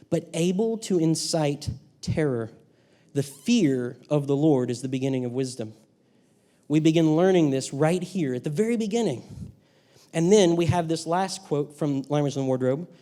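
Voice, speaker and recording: A man's voice: fairly high pitch, dark tone. A man teaching a university class, lecturing and reading quotations aloud, asking his students questions as he goes. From Texas. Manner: reads quotes aloud, asks the class questions. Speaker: university instructor.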